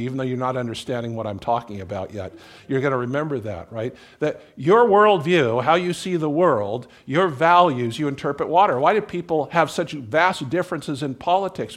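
Male pastor, middle-aged, higher-pitched, folksy, joking asides, conversational sermon. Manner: folksy, joking asides, acts out little scenes.

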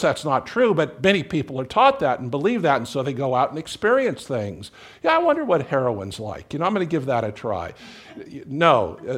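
A man's voice: a little high, fairly bright tone. A middle-aged man preaching a conversational sermon as pastor, folksy, with joking asides and little acted-out scenes.

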